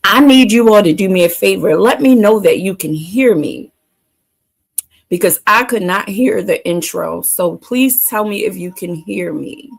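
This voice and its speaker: A woman's voice: mid-range voice, a little slow, vocal fry, slightly rough. A woman hosting a motivational livestream, speaking emphatically and repeating catchphrases to her chat. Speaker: livestream host.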